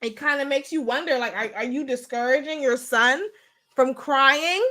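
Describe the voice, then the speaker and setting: A woman's voice: sits high, moderate pace, sharp tone. A young adult woman hosting a casual commentary show, talking blunt and sassy straight to her viewers. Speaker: show host.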